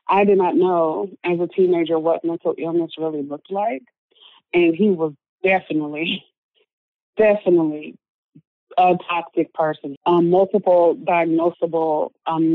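A woman with a low voice speaks as an interview guest, telling a personal story in conversation. She's earnest and uses plenty of filler words. There's no room sound, and the audio is dry and narrow like a phone line.

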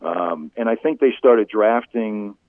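A middle-aged man, a former sportscaster and guest, telling stories conversationally, animated and laughing often. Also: lowish voice, measured pace, dry recording. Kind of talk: conversational storytelling. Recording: tinny phone-like line.

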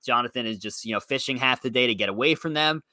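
A man with a bright voice recounts what happened on the show in an easy, conversational way, with the occasional "you know." The sound is close and dry, with no room around it. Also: mid-range voice, quick pace, no echo. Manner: conversational, recounting events with fillers. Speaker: podcast co-host. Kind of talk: casual chat.

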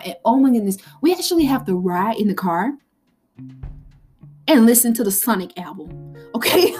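A woman hosting a podcast, talking casually to her listeners, animated and laughing often between exclamations. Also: medium pitch. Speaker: podcast host.

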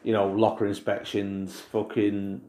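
A man co-hosting a casual veterans' podcast, swearing freely while he tells animated stories from basic training. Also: on the low side, unhurried. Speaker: podcast co-host. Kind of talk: casual chat. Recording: roomy echo.

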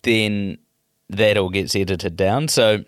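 A middle-aged man with a New Zealand accent, a comedian chatting in an interview in a rambling, animated way with many restarts. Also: on the low side, slow, smooth, dry recording, studio quality. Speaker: comedian, guest. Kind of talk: casual interview chat.

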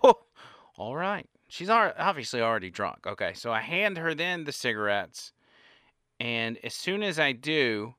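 A man telling a casual anecdote in an animated way, his pitch and loudness rising and falling as he goes. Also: clear, resonant tone, dry recording, clean studio sound. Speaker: storyteller.

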